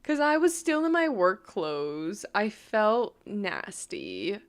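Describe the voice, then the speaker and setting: A woman's voice: medium pitch, huge pitch swings, slow pace, smooth. A young woman from New York vlogging casually, rambling with lots of "like" and frequent laughs. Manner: rambling, full of "like", laughs often. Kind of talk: casual storytime chat.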